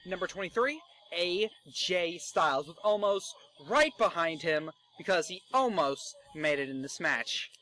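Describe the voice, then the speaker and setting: A young man narrating wrestling fantasy booking in a casual, excitable way, joking and swearing. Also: high voice, measured pace. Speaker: fantasy booker.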